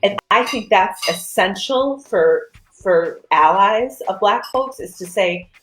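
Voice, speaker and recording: Animated woman in a roomy echo. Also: takes it slowly. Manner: animated storyteller, acts out quotes with big pitch jumps. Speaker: guest, actor and screenwriter. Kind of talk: casual video-call interview chat.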